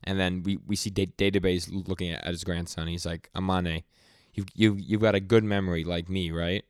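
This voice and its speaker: Low, steady and clean in tone, a young man's voice is heard over clean studio sound with no room noise. As a podcast co-host in a casual manga recap, he recounts comic scenes in quick quoted lines, tripping over words with plenty of stammers.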